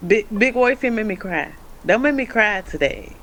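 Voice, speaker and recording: A woman's voice: mid-range voice, animated, a little fast, a bit bright, slight background noise. A woman in her twenties, a guest on a livestream video call, chatting easily and giggling often in casual slang. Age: 20s.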